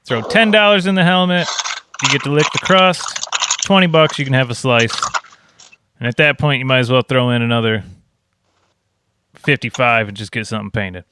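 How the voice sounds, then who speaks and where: A man's voice: medium pitch, normal speed, pauses often, sharp tone, clean tone. A young adult man co-hosting a podcast in casual chat, rambling and joking and swearing freely. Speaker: podcast co-host.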